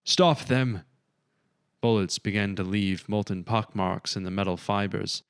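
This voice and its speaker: A male audiobook narrator reads scripted material with steady, measured storytelling. His low voice is smooth and resonant, and the recording is dry and close with no room sound.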